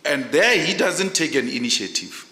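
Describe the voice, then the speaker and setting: Forceful South African man questioning. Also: a little high, big pitch swings, normal speed. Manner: forceful, insistent, emphatic questioning. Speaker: panel commissioner. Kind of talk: formal panel interview. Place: large hearing room. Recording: echoey hall, long reverb.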